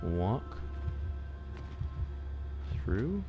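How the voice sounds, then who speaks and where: A man's voice: lowish voice, sing-song, very slow, lo-fi sound, over loud music. A young man playing a horror game and commentating, jittery, swearing often and talking to himself. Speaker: gaming streamer.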